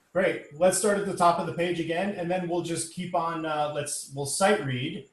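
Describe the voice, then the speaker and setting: Slow-speaking choir director in an echoey room. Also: male voice, medium pitch. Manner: patient, step-by-step, many um and uh fillers. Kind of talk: choir rehearsal instruction. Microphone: online rehearsal recording. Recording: echoey room with instrument music.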